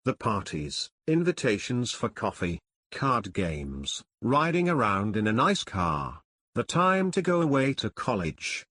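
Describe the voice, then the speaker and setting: A man reading a first-person memoir as an audiobook, telling it in an unhurried, nostalgic way. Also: medium pitch, fairly bright tone, dry recording, clean studio sound. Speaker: audiobook narrator.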